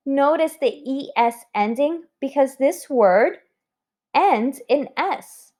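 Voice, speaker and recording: Teacher woman, higher voice, unhurried, spells words letter by letter for young pupils. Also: animated, a little mellow. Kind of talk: recorded spelling lesson for children.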